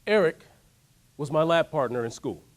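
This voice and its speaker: A man giving a motivational workshop talk, telling a story in an animated way and asking the audience to join in. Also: on the high side, normal speed. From United States. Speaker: workshop speaker. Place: workshop room.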